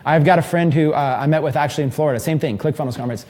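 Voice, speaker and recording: A man in his thirties giving an energetic, rambling live seminar talk to a small group in an event room. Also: fairly high pitch, racing. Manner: energetic, rambling, filler-heavy. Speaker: mastermind trainer.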